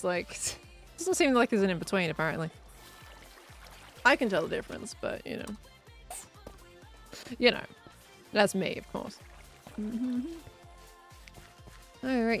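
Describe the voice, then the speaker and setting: A woman's voice: medium pitch, a bit bright. A woman streaming a building game, chatting casually and reading out chat messages as she plays. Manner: chatty, reads out chat messages and muses aloud while building. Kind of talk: casual live-stream chat while gaming.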